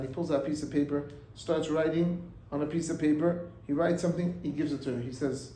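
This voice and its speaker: A rabbi telling a story in a sermon, acting out its voices and mixing in Hebrew and Yiddish words. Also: male voice, a little high, fairly quick, reverberant, a little hiss or hum, poor audio. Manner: animated, acts out the voices in the story.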